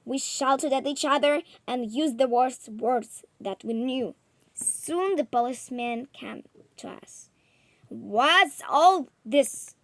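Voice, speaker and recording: Woman storyteller, slow high voice, dry close mic. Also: no room sound. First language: Russian. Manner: slow, careful reading. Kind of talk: reading a story aloud.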